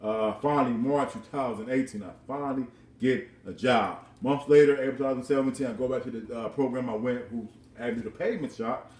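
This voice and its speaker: His fairly low, darkish voice stays steady and quick as the thirtysomething vlogger rambles through a story at home. He repeats words and laughs a lot, and the roomy recording comes from off-mic at a distance.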